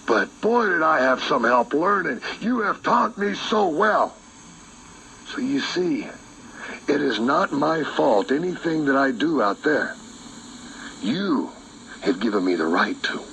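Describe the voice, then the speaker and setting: Whispering, menacing man with a gravelly voice. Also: on the high side, lively intonation, measured pace, a little hiss or hum. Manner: drops to eerie whispers, then bursts into shouts. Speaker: wrestler cutting a promo. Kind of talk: menacing wrestling promo.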